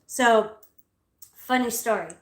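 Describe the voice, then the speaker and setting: A woman telling stories in a casual vlog, blunt, loud and profane, and she calls herself straightforward. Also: a little high, slow. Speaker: vlogger. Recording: echoey room.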